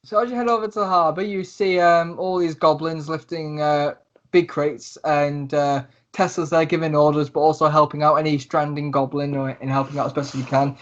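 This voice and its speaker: A man's voice: fairly high pitch, steady tone, a little fast, lo-fi sound. A man narrating a tabletop game as game master, chatty and rambling.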